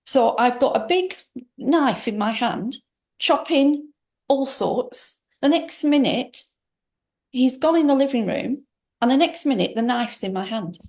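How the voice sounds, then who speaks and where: This interview guest is a middle-aged woman with a high, expressive voice, a measured pace, and a darkish tone. Speaking with an interviewer, she tells a personal story in a rambling, emphatic way, often starting over.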